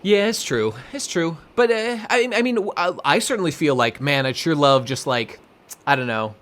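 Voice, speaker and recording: A young man with a slightly raised pitch chats on a podcast. He rambles, trips over his words and gets excited, swearing freely as he goes. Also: moderate pace. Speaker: podcast co-host. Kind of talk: casual chat.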